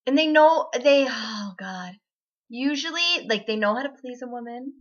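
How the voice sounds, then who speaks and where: A woman's voice: on the high side, lively intonation, moderate pace. Giggly young woman vlogging. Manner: giggly, rambling, self-deprecating. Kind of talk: casual chat to camera. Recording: dull lo-fi webcam audio.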